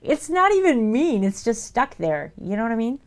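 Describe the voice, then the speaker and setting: A woman's voice: a little high, big pitch swings, moderate pace. A woman chatting casually on a live stream while she crafts at her desk at home. She laughs often and talks to her viewers and her dog. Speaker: streamer making her own merch.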